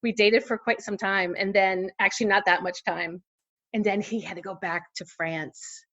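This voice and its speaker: Animated storytelling woman in her forties. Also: medium pitch, normal speed, muffled recording. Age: 40s. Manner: animated, laughing storyteller with many fillers. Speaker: podcast guest. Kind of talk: casual interview storytelling.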